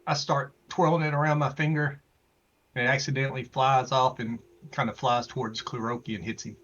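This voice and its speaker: A man's voice: medium pitch, level tone, a little fast, a bit bright. A man playing a tabletop game, speaking through a dull lo-fi mic. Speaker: player. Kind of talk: casual tabletop play.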